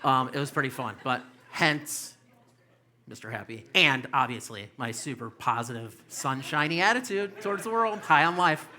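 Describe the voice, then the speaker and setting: A man's voice: medium pitch, expressive, normal speed, bright, forceful tone. A man in his fifties doing a stand-up comedy set on a club stage, rambling loosely with lots of fillers and swearing. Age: 50s.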